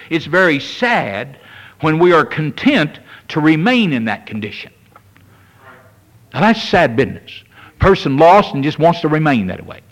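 Folksy preacher on old radio. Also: male voice, on the high side. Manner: folksy preaching with frequent "amen" and "you see", rising in fervor. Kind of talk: sermon.

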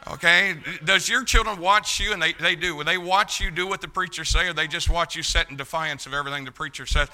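A man preaching a sermon to his church, shifting from quiet asides to loud, shouted emphasis. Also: a little high, quick pace. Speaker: pastor. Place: church sanctuary.

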